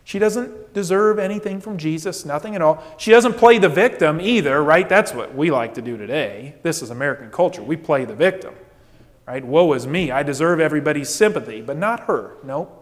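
Lively preacher with echoing hall sound. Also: male voice, on the high side, moderate pace. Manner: animated, rhetorical questions, acts out quoted voices. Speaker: pastor. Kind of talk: sermon.

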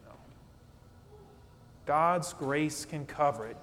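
A man preaching a sermon as pastor, animated and conversational, often checking in with "okay?". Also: on the high side, slow, long pauses, a little hiss or hum. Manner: animated preaching, acts out quotes, asks "okay?". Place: church sanctuary. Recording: long church reverb.

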